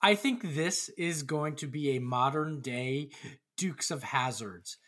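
A man's voice: fairly high pitch, slow pace, fairly bright tone. Rambling male podcast host. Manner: rambling, many fillers. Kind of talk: casual group chat.

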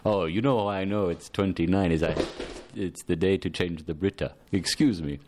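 A man voicing a gruff, stubborn exterminator who keeps confusing the day count, in a deadpan, rambling manner. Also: sits low, normal speed, background noise, voice pushed down, lightly acted.

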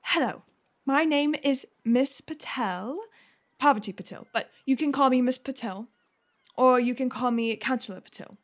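A woman plays a kindly witch counselor in a tabletop fantasy game, pitched a little high. She gushes and rushes her words, then catches herself with an apology. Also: natural voice. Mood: gushing. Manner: gushing, talks fast then apologizes. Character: warm, chatty female school counselor witch.

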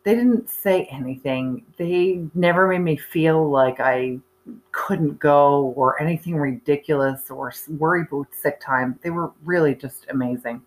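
In a rough recording, a woman in her thirties or forties with a deep, unhurried voice tells the story of her cancer. She's candid and chatty, full of fillers and restarts.

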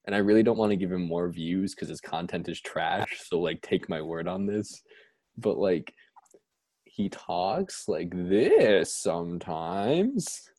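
A man co-hosting a podcast, chatting casually and telling animated stories. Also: sits low, normal speed, no room sound, clean studio sound. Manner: animated storyteller, mimics voices for laughs. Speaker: podcast co-host. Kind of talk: casual chat.

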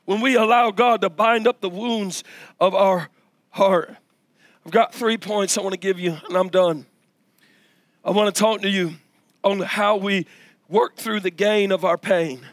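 A man in his thirties preaching a sermon as pastor, building to shouts and stretching phrases out slowly. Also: sits high, no echo. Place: church ballroom.

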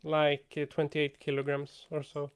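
A man from Sweden with a Swedish accent, a podcast guest on a video call, pausing to search for English words. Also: fairly high pitch, monotone, clear, resonant tone, no echo.

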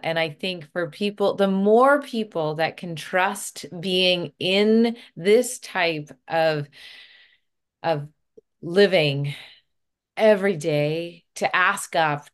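A woman's voice: on the low side, clear, resonant tone. A woman hosting an interview, responding in a reflective, supportive way. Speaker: host. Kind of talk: interview conversation.

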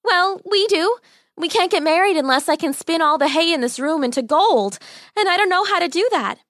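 A woman's voice: extremely high pitch, lively intonation, moderate pace, fairly bright tone, no room sound, studio quality, voice pushed up. A woman playing an anxious young bride-to-be. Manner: worried, earnest.

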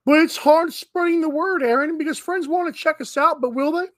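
A man's voice: very high-pitched, fairly quick, no echo. A man hosting a morning sports talk show, chatting casually and rambling with lots of fillers.

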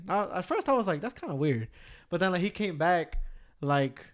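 A young man with a slightly high voice, chatting on a podcast. He tells stories casually, swears freely and leans on slang. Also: a little fast. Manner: profane, animated storytelling with slang. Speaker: podcast co-host. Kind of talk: casual chat, storytelling.

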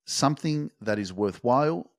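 A man's voice: mid-range voice, expressive, dry recording, studio quality. Emphatic, fired-up male motivational podcaster. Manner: emphatic, swears freely, rises to loud fast peaks. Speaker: podcast host.

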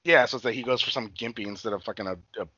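A young man co-hosting a casual podcast, swearing freely and rambling through a recap while acting out characters in quick voices. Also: mid-range voice, sharp tone, breathy edge, no echo. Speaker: podcast co-host. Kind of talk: casual profane chat recapping a TV episode. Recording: dull lo-fi sound.

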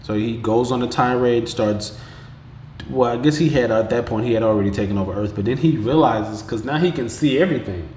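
A man tells a story in loose, slang-heavy talk and curses freely. His voice sits at a middle pitch and jumps up when he mimics characters. He sounds like he is in a roomy space with a faint hum of ambience behind him. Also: brisk. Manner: slangy, profane, animated retelling with quoted voices. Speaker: podcast host. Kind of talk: casual episode recap.

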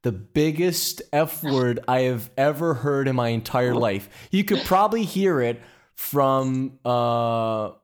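A man hosting a casual interview and telling lively anecdotes about working as a photographer's assistant, with frequent restarts. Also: mid-range voice, takes it slowly, smooth. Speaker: podcast host.

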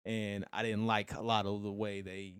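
A man's voice: lowish voice, level tone, normal speed, a bit bright, clear, resonant tone, dry recording, studio quality. A young man co-hosting a podcast, chatting in a laid-back, rambling way and laughing easily. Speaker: podcast co-host. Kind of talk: casual chat.

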